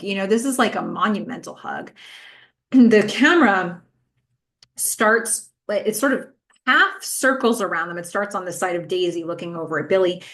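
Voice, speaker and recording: A woman's voice: fairly low pitch, a bit bright. A woman hosting a podcast, giving a casual, chatty recap of a TV episode with frequent "like" and "um". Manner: chatty, fillers like "um" and "like". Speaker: podcast host.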